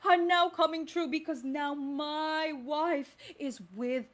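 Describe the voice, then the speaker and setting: A woman voicing a proud, earnest young husband in a children's story, speaking lower than her own voice and hurrying out his thanks. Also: steady tone. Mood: grateful. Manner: earnest, rushed and grateful.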